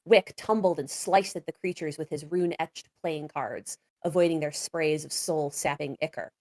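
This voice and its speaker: A woman running a tabletop game as game master, with measured storytelling narration. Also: low voice, a little mellow.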